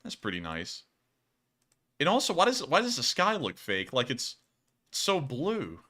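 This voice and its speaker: Man, casual livestream host, joking, lively pitch, bright voice. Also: a little slow. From Alabama, US. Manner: joking, animated, drawling "y'all".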